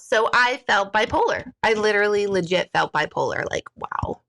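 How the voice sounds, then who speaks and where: A woman in her forties talks on a live stream, chatty and candid, with lots of fillers. Her voice is bright and a little high. Now and then she leaps way up in pitch to act out her own thoughts. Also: animated, normal speed. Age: 40s. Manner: jumps high into exaggerated quoted voices. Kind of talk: casual live-stream chat.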